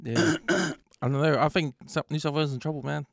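A man with a New Zealand accent hosting a casual podcast chat, relaxed, putting questions to the group. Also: fairly high pitch, brisk, creaky, no echo, clean studio sound. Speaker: podcast host.

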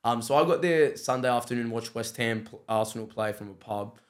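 Fast-talking Australian man telling stories. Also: mid-range voice. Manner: animated, acts out quoted dialogue, says "bro" often. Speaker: podcast guest. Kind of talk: casual storytelling chat.

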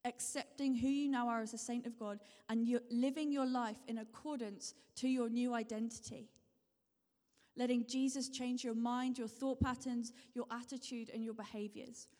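This preacher has a fairly high, mellow voice and a level tone at normal speed. She delivers a sermon in a hall with long reverb, repeating her points, encouraging the congregation and putting questions to them.

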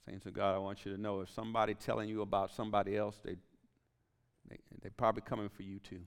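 Man, pastor, sermon, low gravelly voice, storytelling with hushed asides, reverberant hall. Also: little pitch movement, quick pace. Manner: storytelling preacher, quiet whispered asides to the congregation.

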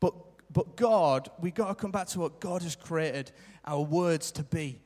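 Unhurried and a little mellow, a high-voiced preacher gives an earnest live sermon in church, repeating points for emphasis and acting out short quoted lines. His voice rings out under a long hall reverb.

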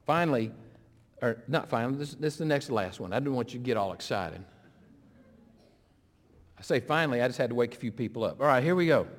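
A middle-aged man, an interim pastor, preaching a sermon, swinging between loud, pressing appeals and hushed, slow retellings. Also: medium pitch, animated. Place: church sanctuary. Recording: long hall reverb.

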